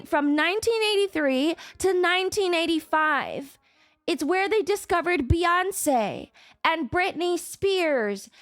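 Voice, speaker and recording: High-voiced woman streamer, rambling. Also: a bit bright, no echo, studio quality. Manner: rambling, frequent swearing. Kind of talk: casual stream chat.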